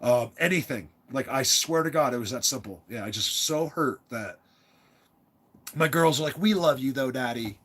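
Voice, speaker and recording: A man's voice: medium pitch, moderate pace, a bit bright, slightly rough. A father telling a personal story in a rambling, casual monologue, emphatic, often repeating words and restarting.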